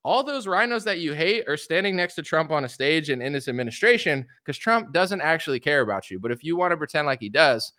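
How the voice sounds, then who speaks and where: A man's voice: on the high side, fast, few pauses, dry recording, clean studio sound. A young man giving political commentary on a livestream, ranting with sarcasm and mockery. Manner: sarcastic, mocking, animated ranting.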